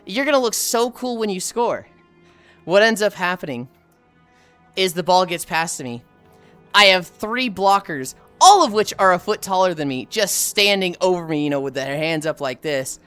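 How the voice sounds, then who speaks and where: Woman, streamer, lively pitch, lowish voice, casual swearing, rambling stories, faint music behind. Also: moderate pace, clean tone. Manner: profane, rambling, animated retelling. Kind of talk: casual storytelling while reading chat.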